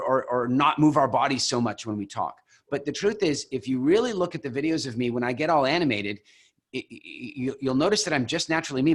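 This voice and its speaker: A man leads a coaching call over a video link, speaking at a mid pitch. He talks in an animated, expressive way, acting out examples as he tells stories. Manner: animated, expressive storyteller who acts out examples. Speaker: program founder coaching coaches.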